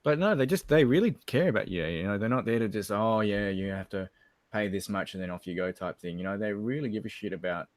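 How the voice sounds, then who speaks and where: A man's voice: lowish voice, lively intonation, fast talker, no room sound. A man with an Australian accent co-hosting a casual livestream, joking and swearing in a laid-back way. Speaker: livestream co-host.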